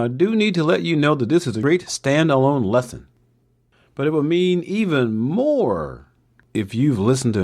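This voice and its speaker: A man's voice: medium pitch, a little mellow. A man hosting a motivational podcast monologue, with playful, jokey asides.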